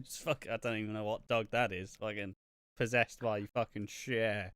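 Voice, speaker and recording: A man's voice: lowish voice, steady tone, moderate pace, a bit bright, clean tone, no echo, studio quality. A man co-hosting a wrestling podcast in casual, profane chat, joking and slipping into silly impressions. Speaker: podcast co-host.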